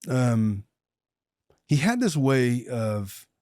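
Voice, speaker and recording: A man's voice: medium pitch, extremely slow, no echo. Middle-aged guy on a podcast, joking around, dry close mic, mid voice. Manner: joking, animated storyteller. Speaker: podcast host, lawyer. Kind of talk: casual podcast chat.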